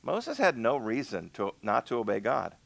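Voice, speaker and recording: A man's voice: mid-range voice, huge pitch swings, normal speed, creaky, no echo. A male minister preaching a conversational sermon, acting out little dialogues with God.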